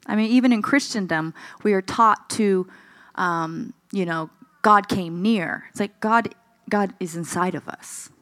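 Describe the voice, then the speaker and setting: In a dry recording, a woman of medium pitch preaches at a measured pace, talking conversationally with the congregation, asking them questions and performing the voices she quotes, with a slightly tired sound.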